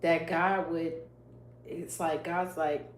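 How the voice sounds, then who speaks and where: A woman's voice: on the low side, flat delivery, slow pace. A woman hosting a livestream, sharing an emotional faith testimony in an earnest way and answering viewer comments. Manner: earnest, emotional, laughs often; reads viewer comments aloud. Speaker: YouTube livestream host. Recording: echoey room, faint hum.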